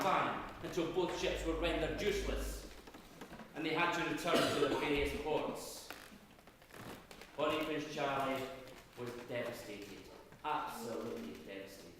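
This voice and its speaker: A man's voice: a little slow, background noise. Theatrical Scottish man in an echoey hall. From Scotland. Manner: theatrical, swings from loud emphatic bursts to low hushed asides. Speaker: history lecturer. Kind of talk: dramatic storytelling lecture. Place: university auditorium. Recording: echoey hall, voice far from mic.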